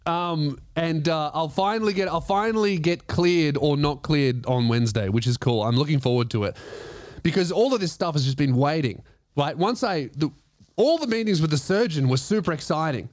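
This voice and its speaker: Recorded in clean studio sound with no room sound, an Australian comedy podcast host speaks at normal speed in an expressive voice on the high side, a little mellow. He swears a lot and laughs through his own casually told stories.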